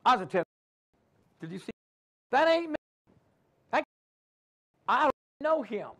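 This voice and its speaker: A man's voice: very high voice, sing-song, unhurried, a bit bright, lo-fi sound. A man preaching a sermon in a church, calling out to his congregation and acting out the inner voices of doubt. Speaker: pastor.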